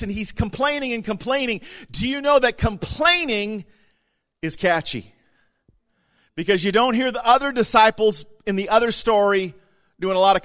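A man preaching a sermon, animated, acting out little voices and dropping to a whisper for emphasis. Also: a little high. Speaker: pastor.

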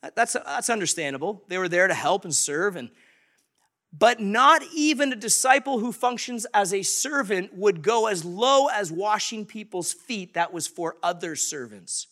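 A man preaching a sermon as pastor, animated and conversational, acting out quoted voices. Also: sits high, moderate pace.

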